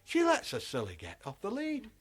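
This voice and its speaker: A man's voice: sits high, wildly swooping pitch, moderate pace, a crowd in the background. Exasperated man spinning a tale. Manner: exasperated, rambling, swears freely, acts out the voices of others. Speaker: comic storyteller. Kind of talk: comic anecdote told to a live audience.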